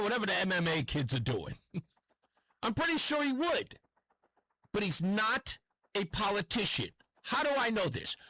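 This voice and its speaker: Animated New York talk radio host. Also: male voice, high-pitched, no echo, poor audio. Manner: animated, rambling, self-correcting. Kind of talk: opinionated talk radio monologue. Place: radio studio.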